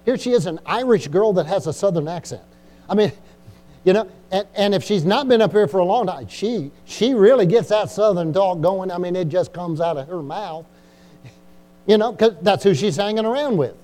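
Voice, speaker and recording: A man's voice: high voice, expressive, normal speed, warm tone. A middle-aged male pastor preaching a sermon in church, exhorting and repeating himself, often asking the congregation "Amen?". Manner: repetitive, exhorting, frequent "Amen?" and "Come on".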